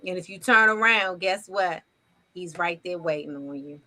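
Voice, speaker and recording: Woman, 50s, bright voice, faith talk co-host giving testimony. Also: fairly low pitch, normal speed. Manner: warm testimony, preachy encouragement. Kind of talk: faith-based casual talk.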